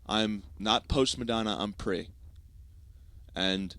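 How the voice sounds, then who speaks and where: This young podcast host from the United States talks slowly in a lowish, slightly bright voice. His casual comedic monologue is a rambling story, profane and self-mocking.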